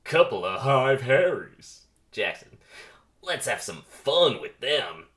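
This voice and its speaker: A man voicing a boastful young male pollen jock bee, loud and swaggering. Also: mid-range voice, very animated, takes it slowly.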